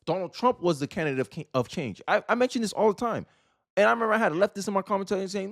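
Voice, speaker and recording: Young male host doing sarcastic, animated political commentary; dry, close-miked. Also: high-pitched, rapid-fire, no echo. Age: young adult, 18 to 29.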